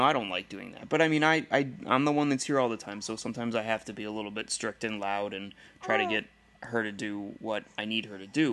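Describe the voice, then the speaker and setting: A man's voice: mid-range voice, a bit bright. A man who is a stay-at-home dad and podcast host, talking candidly in a rambling casual monologue and chuckling often.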